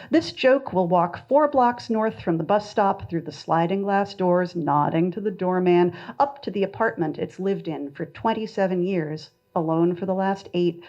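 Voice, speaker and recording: A woman poet reads her work aloud at a literary festival, taking the verse at a measured pace. Between poems she turns chatty and self-deprecating. Her voice sits a touch low, and the recording sounds a little dull and muffled. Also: a little mellow. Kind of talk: poetry reading with asides.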